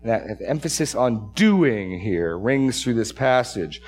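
A man's voice: medium pitch, big pitch swings, slow, darkish tone, soft background music. A man preaching an expository sermon as pastor. He stresses key phrases, repeats words and restarts his sentences.

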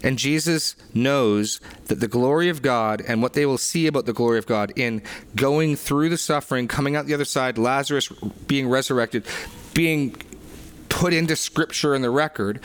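A man's voice: mid-range voice, normal speed. A man leading a sermon discussion, reading aloud and explaining with earnest emphasis and frequent restarts. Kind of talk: reflective teaching discussion.

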